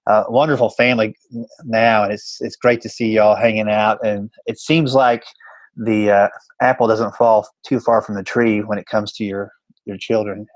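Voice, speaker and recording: A man in his fifties hosting a podcast interview, relaxed and reflective. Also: lowish voice, moderate pace, dry recording. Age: 50s. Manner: relaxed and reflective, with easy laughter. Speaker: podcast host. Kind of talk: casual interview. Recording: dull dry recording.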